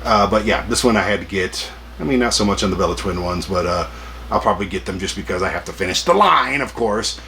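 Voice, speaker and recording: A man's voice: low voice, expressive, quick pace, vocal fry, pushed and bright, a little hiss or hum. A man in his forties hosting a collecting vlog, chatty and jokey with self-deprecating asides. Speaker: collector vlogger. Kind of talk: casual rambling vlog.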